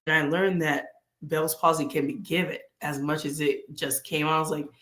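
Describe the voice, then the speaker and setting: A woman's voice: low-pitched, fairly even intonation, moderate pace, a bit bright, reverberant. A woman hosting a casual vlog, sharing faith and personal stories in an earnest way and acting out bits of inner dialogue. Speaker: vlog host.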